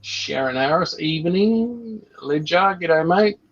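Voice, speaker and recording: A man's voice: a little high, expressive, takes it slowly, highs cut off. A man co-hosting a livestream, joking and greeting viewers by name in casual chat. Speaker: livestream co-host reading out chat.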